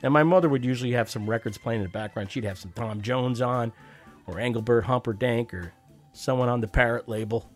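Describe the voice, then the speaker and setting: Wry, profane New storyteller, middle-pitched man, over faint background music. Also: brisk. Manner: wry, profane, acts out quoted voices. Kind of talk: personal storytelling monologue.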